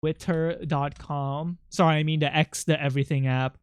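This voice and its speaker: A livestreamer chatting casually with viewers, rambling and excitable, jumping from topic to topic. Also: medium pitch, moderate pace, clear, resonant tone, no room sound.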